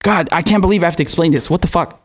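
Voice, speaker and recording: High-voiced man ranting with exasperation. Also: racing. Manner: profane, exasperated, sarcastic. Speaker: political commentator. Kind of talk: angry ranting commentary.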